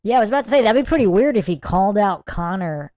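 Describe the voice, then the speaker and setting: A man's voice: sits high, expressive, quick pace, a little mellow, no room sound. A man hosting a casual livestream, reading viewer chat aloud and musing over it. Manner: chatty, muses aloud, reads comments and look-ups aloud.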